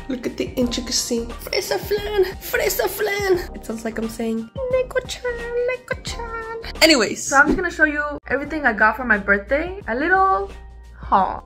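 A woman of twenty chatting casually to her viewers as a vlogger, relaxed and playful with little asides. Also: fairly high pitch. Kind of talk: casual vlog chat.

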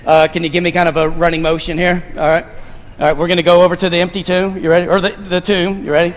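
Pastor, male, high voice, lively stage preacher with a joking touch; long hall reverb. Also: fast talker. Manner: animated, directing volunteers on stage with playful asides. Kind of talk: sermon. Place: church stage. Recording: long reverb of a large sanctuary.

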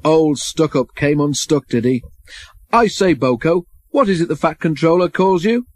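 A man's voice: a little high, animated, normal speed, no echo, pitched above the performer's own voice. A man voicing a big male steam engine in a storybook reading, blunt and chortling.

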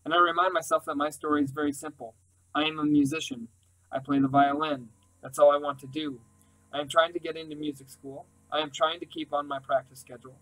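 A man's voice: a little high, fairly quick, low-quality recording. Earnest man narrating a novel. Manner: earnest, steady first-person storytelling. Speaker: audiobook reader. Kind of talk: scripted narration.

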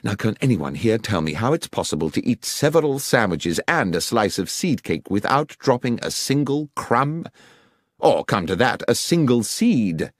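A man voicing a brisk, incisive male detective in an audiobook, with crisp, precise diction. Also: fairly low pitch, big pitch swings, no echo, studio quality, pitched above the performer's own voice. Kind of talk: audiobook character reading.

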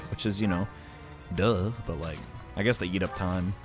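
A young man from the American South giving rambling, self-deprecating, excitable commentary while playing a video game. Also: lowish voice, fast talker. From Southern United States. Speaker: let's play commentator. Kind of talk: casual gameplay commentary. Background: faint game music.

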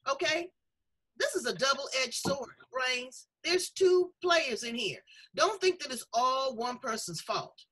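A woman's voice: high voice, lively intonation, takes it slowly, pushed and bright, breathy edge, rough recording. A middle-aged woman hosting a talk show, chatting in a candid, folksy, emphatic way. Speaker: show host. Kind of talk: casual talk-show conversation.

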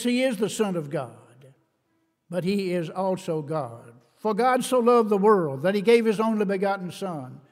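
High-voiced preacher in a reverberant church. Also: male voice. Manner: emphatic, slows and stresses key words; reads scripture in old-fashioned wording. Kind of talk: sermon. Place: church sanctuary. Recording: long reverb of a church hall.

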